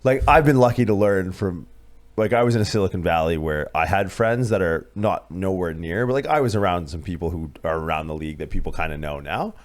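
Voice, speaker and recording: A man's voice: sits low, brisk. A man co-hosting a podcast in casual chat, blunt and self-mocking.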